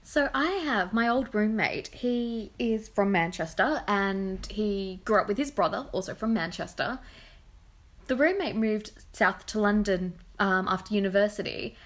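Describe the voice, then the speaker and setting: A woman with an Australian accent co-hosting a podcast in casual chat, talkative and quick to laugh. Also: mid-range voice. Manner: chatty, laughs easily. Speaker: podcast co-host.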